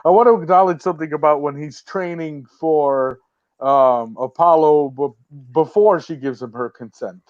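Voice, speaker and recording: Laid-back co-host, dull lo-fi sound. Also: male voice, on the high side, normal speed, darkish tone. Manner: laid-back, laughs, quotes scenes. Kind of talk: casual movie review chat.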